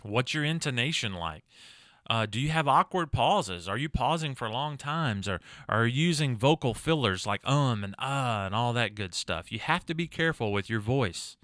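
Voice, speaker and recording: Bright, crisp Southern US lecturer. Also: male voice, medium pitch, animated, moderate pace, no echo, clean studio sound. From American South. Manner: conversational, demonstrates mispronunciations, asks rhetorical questions. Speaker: college instructor. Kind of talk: recorded lecture.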